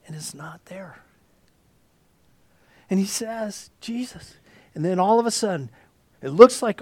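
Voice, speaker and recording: A man preaching a sermon, dropping to whispers and rising to near shouts as he acts out the story. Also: high-pitched, animated, normal speed, no echo. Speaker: pastor.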